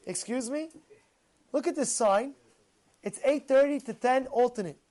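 A man giving a casual storytelling sermon as a Torah teacher, animated and repeating phrases for emphasis. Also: very high-pitched, moderate pace.

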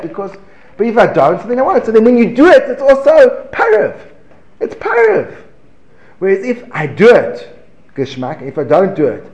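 A man giving a lively Torah class, asking rhetorical questions, breaking off mid-phrase and chuckling as he teaches. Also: high-pitched, normal speed. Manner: animated, rhetorical questions, self-interrupting and chuckling. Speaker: religious teacher. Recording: echoey room.

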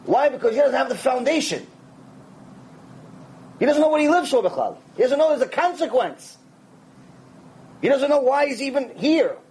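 A man giving a conversational Torah lecture, animated and acting out quoted voices along the way. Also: very high-pitched, normal speed, long pauses. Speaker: rabbi.

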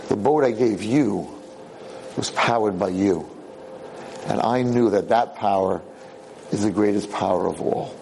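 A man voicing a dying old father, speaking calmly and reassuringly. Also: on the low side, a little slow, gravelly, pauses often, slight background noise, voice pushed down, low-quality recording. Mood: wise.

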